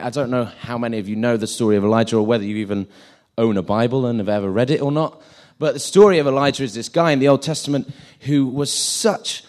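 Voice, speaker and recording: A man's voice: mid-range voice, a little mellow. A man giving an informal sermon, chatty and self-deprecating, acting out the scenes he retells.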